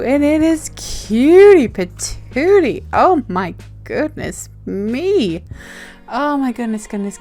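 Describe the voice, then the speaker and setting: A giggly Australian woman chats on her casual vlog while she opens her mail, rambling and gushing over every little thing. Her voice sits a touch high, and soft music plays faintly underneath. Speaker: zine-maker vlogger.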